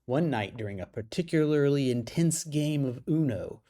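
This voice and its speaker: A man's voice: medium pitch, animated, moderate pace, mellow. A man reading his own humorous article aloud, playful and self-mocking, breaking off for casual side remarks.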